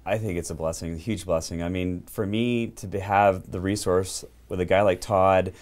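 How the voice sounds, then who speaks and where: A man who works as a community correspondent, giving an earnest, halting answer that repeats words as he goes. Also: deep voice, steady tone, darkish tone. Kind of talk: casual interview answer.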